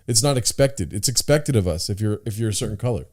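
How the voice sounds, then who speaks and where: A man's voice: fairly low pitch, lively intonation, fast, a little mellow. A man co-hosting a podcast in casual chat, blunt and profane, often stumbling over repeated words as he starts a sentence. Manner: blunt and profane, with stammered restarts. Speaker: podcast co-host.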